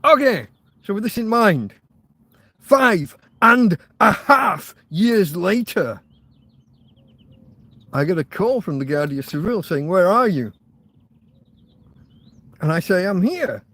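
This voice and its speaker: An English man with a high voice pours out an agitated, profanity-laced rant on his podcast. He sounds close to tears with frustration. The sound is close and dry. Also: lively intonation, slow pace, pauses often, pushed and bright, dry recording. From England. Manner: agitated, swearing, near tears. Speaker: podcast host. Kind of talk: angry ranting monologue.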